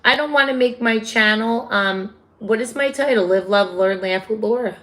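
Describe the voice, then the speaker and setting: A woman's voice: a little high, normal speed, a bit bright. A woman with a New York accent hosting a casual livestream, chatting with viewers and answering their comments. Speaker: livestream host.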